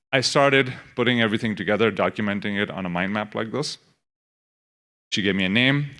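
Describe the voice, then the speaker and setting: Man telling a story on stage, lowish voice. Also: a bit bright. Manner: conversational storytelling with quoted asides. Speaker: conference presenter. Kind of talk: live conference talk. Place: conference stage.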